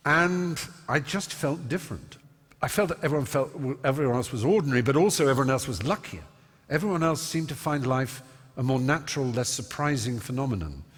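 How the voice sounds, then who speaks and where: A man's voice: medium pitch, slightly rough. A man, an on-stage interview guest telling stories eloquently and self-mockingly, with many fillers. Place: large concert hall stage. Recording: long reverb of a large hall.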